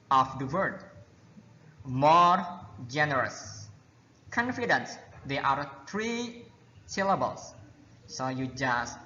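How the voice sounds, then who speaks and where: A man's voice: a little high, bright, forceful tone. A man teaching an English grammar lesson, repeating key words and often checking with "okay?". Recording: echoey hall, dull lo-fi sound.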